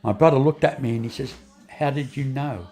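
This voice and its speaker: A man's voice: medium pitch, brisk, loud music behind the voice. An older man tells a long personal story as an interview guest. He rambles, repeats phrases and restarts often, and acts out the lines of the people in his story.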